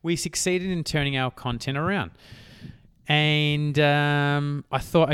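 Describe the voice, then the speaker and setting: A man's voice: a little high, measured pace, fairly bright tone, clear, resonant tone, no room sound, studio quality. A man in his thirties, a business coach talking casually and rambling on his podcast, often correcting himself mid-sentence. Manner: rambling, self-correcting, chatty. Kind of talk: solo podcast monologue.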